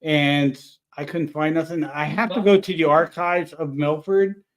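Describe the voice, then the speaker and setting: Give me a chatty man telling a long story, animated and a bit high. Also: a little slow. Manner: rambling, animated storyteller with restarts. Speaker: paranormal investigator guest. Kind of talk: casual storytelling chat.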